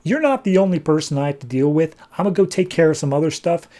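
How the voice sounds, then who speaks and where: Male reviewer as a curt, flippant deity in dog form, mellow, low-key. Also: lively intonation, fast talker, close to an everyday voice. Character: offhand, bossy God in a little dog's form.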